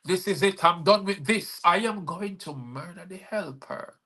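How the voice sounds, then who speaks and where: A man reciting a poem, voicing a betrayed and furious young woman in a low, seething delivery. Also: a little slow, pushed and bright, full character voice. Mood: enraged.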